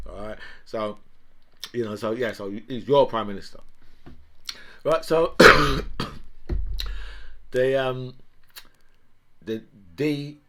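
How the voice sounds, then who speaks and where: A man giving a casual political rant, rambling, profane and full of "right?" and "you know". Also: on the low side.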